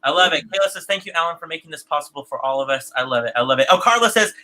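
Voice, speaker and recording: A man with a very bright, slightly high voice hosts a live stream, reading viewer comments aloud. He talks in a loose, chatty way, restarting his sentences, and gets emotional as he goes. He sounds like he is on a video call. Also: animated, very fast, low-quality recording. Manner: chatty, repeats words often, gets emotional. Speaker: host of an online theater broadcast.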